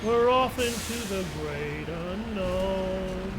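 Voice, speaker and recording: A man's voice: high voice, animated, takes it slowly, heavy background noise. A man streaming a game, joking, swearing and talking back to what he sees on screen. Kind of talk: let's play commentary.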